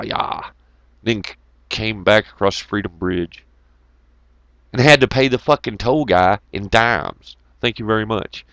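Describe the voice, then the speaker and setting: A man's voice: medium pitch, vocal fry, a bit bright, no room sound. A man, telling rambling, profane road stories to his viewers in a loose, joking way. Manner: profane, rambling, jokey, greets chat viewers. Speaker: channel host. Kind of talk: casual rambling storytelling to viewers.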